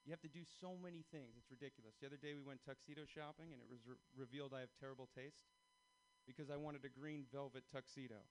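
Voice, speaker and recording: A man's voice: mid-range voice, quick pace, slight background noise, poor audio. A young man performing a stand-up comedy set, talking animatedly and acting out other people's lines.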